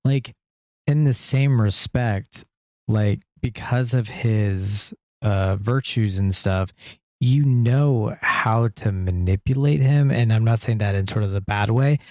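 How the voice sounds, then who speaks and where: A man's voice: on the low side, slow, darkish tone, dry recording, clean studio sound. A man co-hosting a casual podcast about tabletop roleplaying games, talking in an easygoing, rambling, joking way.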